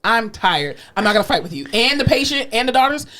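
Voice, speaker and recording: A woman co-hosting a podcast, telling patient stories in casual chat, acting out the voices in her quotes and laughing often, candid and profane. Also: fast. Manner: animated, acts out quotes with big pitch jumps, laughs often. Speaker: podcast co-host, rehab therapist.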